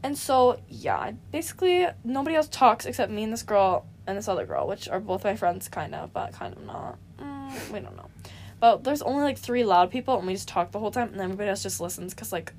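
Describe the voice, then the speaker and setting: A woman's voice: mid-range voice, animated, fairly quick, a little mellow, a little hiss or hum. A teenage girl telling stories in a casual chat, full of "like"s and quoted exchanges. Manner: chatty storytelling with many "like"s and acted quotes. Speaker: co-host.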